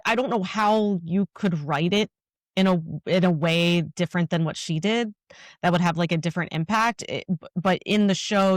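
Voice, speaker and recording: A woman co-hosting a podcast in casual chat, speaking enthusiastically but haltingly with many restarts. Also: on the low side, no room sound, clean studio sound. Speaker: podcast co-host.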